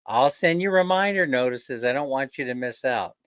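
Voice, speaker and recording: A man's voice: medium pitch, lively intonation, normal speed, a bit bright, clear, resonant tone, no echo. A man hosting a casual live stream, rambling and joking, chuckling often. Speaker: livestream host.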